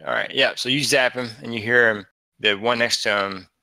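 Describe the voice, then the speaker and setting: Gravelly bright-voiced game master. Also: male voice, mid-range voice, fairly quick, no echo. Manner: relaxed, chatty, laughs often. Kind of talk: narrating a tabletop game. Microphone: online voice chat.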